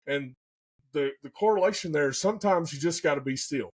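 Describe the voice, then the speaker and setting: Guy kinda high voice, super excitable, telling his hunting story on a podcast, folksy slang. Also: a little fast. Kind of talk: casual storytelling chat.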